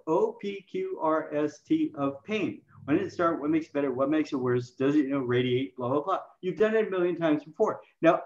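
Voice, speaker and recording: A man with a slightly raised voice, talking as an interview guest and explaining his methods with animation, often slipping into quoted lines as he acts out conversations. The recording sounds echoey and a little dull. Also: on the high side. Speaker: health coaching expert guest. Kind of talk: interview, teaching communication.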